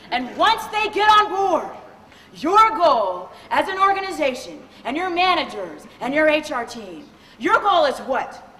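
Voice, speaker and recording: A woman with a high, very lively voice leading a corporate training session, teasing and quizzing her audience. She is recorded in a large, echoey event hall with a long reverb. Faint background noise sits under the voice. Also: a little slow. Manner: animated, humorous, quizzes the audience. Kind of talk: live seminar talk.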